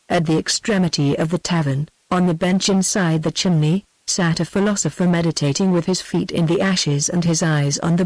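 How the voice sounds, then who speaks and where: A synthetic woman's voice with a British accent narrating an audiobook in an even text-to-speech delivery. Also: on the low side, no room sound, low-quality recording. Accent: British English. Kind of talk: scripted narration.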